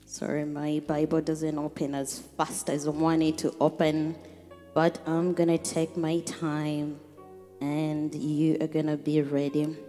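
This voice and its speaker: A woman's voice: low-pitched, completely flat delivery, measured pace, dark tone. A woman preaching a sermon, reading scripture aloud unhurriedly and rising into fervent prayer. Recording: long hall reverb with faint music.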